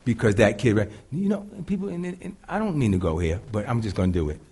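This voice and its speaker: A deep-voiced man preaches to a congregation, shifting between quiet, low stretches and loud, driving lines. His pitch moves freely and with a lot of animation. The delivery feels conversational and sure of itself. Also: very animated, fast. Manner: dynamic preaching, swinging between loud and hushed. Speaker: pastor. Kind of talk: live sermon to a congregation.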